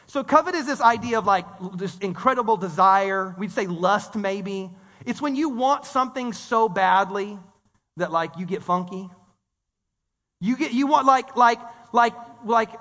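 Male pastor, very high and bright, lively conversational sermon, long hall reverb. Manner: animated, conversational preaching with audience call-and-response.

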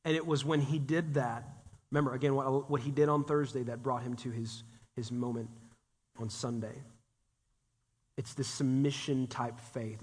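A man giving a conversational sermon as a guest pastor, animated and talking directly to the congregation. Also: mid-range voice, moderate pace, breathy edge. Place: church sanctuary. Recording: long reverb of a church hall.

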